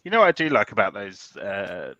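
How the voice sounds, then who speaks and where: A man's voice: on the low side, huge pitch swings, brisk, bright, forceful tone, lo-fi sound. A man chatting on a livestream, making dry jokes. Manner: joking, dry asides. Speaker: guest on stream. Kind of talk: casual livestream chat.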